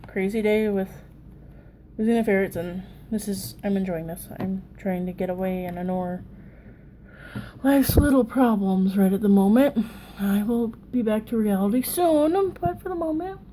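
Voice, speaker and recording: A woman's voice: mid-range voice, warm tone, a little hiss or hum, poor audio. Chatty Southern woman in her thirties. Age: 30s. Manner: chatty, rambling, self-deprecating. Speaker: makeup vlogger. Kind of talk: casual get-ready-with-me makeup tutorial.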